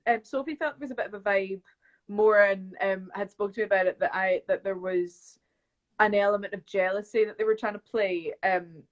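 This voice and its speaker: A young woman, chatting casually as a guest on a live video call and telling animated stories with bits of impressions. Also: mid-range voice, a little fast, highs cut off. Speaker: actress guest. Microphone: phone on a video call.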